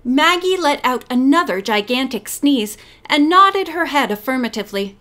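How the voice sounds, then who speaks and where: A woman narrating an audiobook with an expressive reading, doing many voices. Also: fairly high pitch, normal speed, hardly any pauses. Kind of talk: scripted narration.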